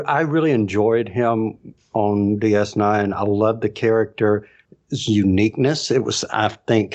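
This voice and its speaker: A man's voice: fairly low pitch, a little mellow. A man co-hosting a fan podcast, eager and thoughtful in casual chat. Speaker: podcast co-host.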